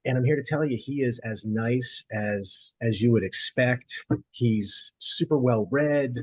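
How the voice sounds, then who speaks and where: Easygoing man with a husky voice, dry close sound, casual story. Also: medium pitch, unhurried, dry recording, rough recording. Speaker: bookseller guest. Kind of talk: casual anecdote on a video call.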